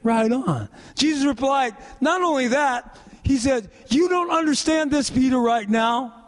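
A male pastor preaching a sermon, leading the congregation in call-and-response. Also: unhurried. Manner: call-and-response preaching, rising and falling in pitch.

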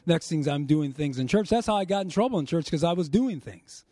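A man preaching a sermon with fervor, telling his story and rising into shouts to the congregation. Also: a little high, animated, brisk, dry recording. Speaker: pastor.

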